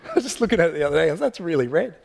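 High-voiced man preaching in a reverberant hall. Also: sing-song, a little fast, gravelly, breathy edge. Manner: casual, joking storyteller. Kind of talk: sermon.

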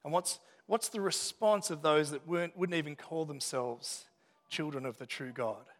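A fairly high-voiced man preaches a sermon, his words trailing into the long reverb of a church hall. He talks it through conversationally, with restarts and friendly asides. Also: normal speed. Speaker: pastor.

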